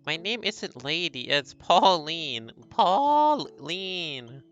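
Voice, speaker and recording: A man's voice: high voice, lively intonation, measured pace, sharp tone, dull audio, faint music behind, pitched above the performer's own voice, full character voice. A man voicing a young foreign woman traveler in a story game who stammers and pleads when she gets flustered. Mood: indignant.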